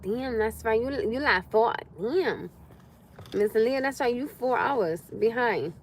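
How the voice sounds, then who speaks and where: A young woman hosts a casual livestream, speaking in a slightly high voice at an unhurried pace over slight background noise. Chatty and animated, she talks loosely with viewers, reads and answers their comments, and swears freely.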